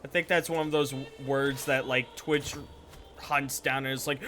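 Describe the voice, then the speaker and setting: A man's voice: mid-range voice, fairly even intonation, moderate pace, sharp tone, soft background music. A young man giving rambling, casual live gameplay commentary, swearing freely and chatting with viewers. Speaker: Twitch streamer.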